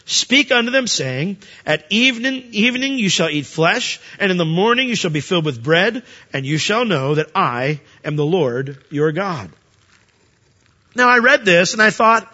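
A male pastor with a bright, slightly high voice, teaching through scripture in a relaxed, conversational way. He reads the verses and then explains them to the congregation. The sound is a little dull and rings in a large hall. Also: normal speed.

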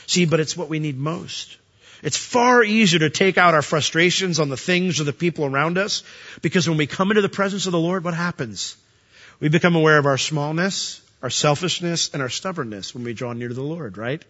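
A male pastor with a bright, slightly high voice, teaching through scripture in a relaxed, conversational way. He reads the verses and then explains them to the congregation. The sound is a little dull and rings in a large hall. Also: fairly quick.

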